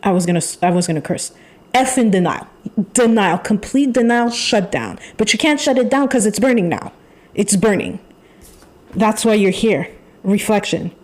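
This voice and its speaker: A woman giving a channeled tarot reading, talking in an emphatic, repetitive way with pauses and sighs. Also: mid-range voice, lively intonation, darkish tone. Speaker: tarot reader.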